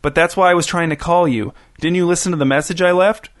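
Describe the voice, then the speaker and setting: A man's voice: fairly high pitch, quick pace, no room sound, clean studio sound, voice pushed up, natural voice. A man voicing a concerned middle-aged wife.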